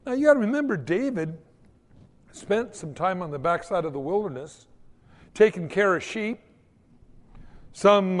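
Lively, folksy preacher man in a hall. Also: high-pitched. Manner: animated, folksy storytelling with acted-out quotes. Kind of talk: sermon.

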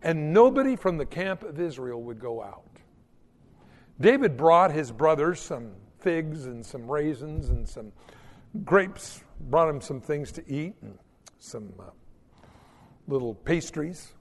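A man preaching a sermon as a pastor, telling stories in a folksy, animated way. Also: a little high, slow pace, in a large hall. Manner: animated, folksy storytelling with mock old-English prayers.

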